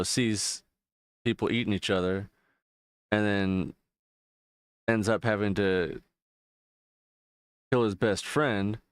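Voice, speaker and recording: Low, smooth-voiced male streamer rambling. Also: no echo, clean studio sound. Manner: rambling, profane, loose retelling with frequent fillers. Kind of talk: casual chat while gaming.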